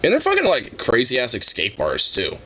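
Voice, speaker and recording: A man's voice: medium pitch, huge pitch swings, normal speed, bright, forceful tone, a little hiss or hum. A young man hosting a livestream, chatting casually in a rambling, profane way and laughing often. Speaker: livestream host. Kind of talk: casual stream chat.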